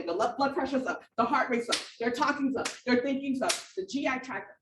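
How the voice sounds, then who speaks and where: Woman, nursing instructor, animated classroom lecture, slightly breathless, higher voice; distant mic in a roomy space. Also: fairly quick, hardly any pauses. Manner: animated, repetitive emphasis, talks to students directly. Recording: echoey room, voice from afar, faint background noise.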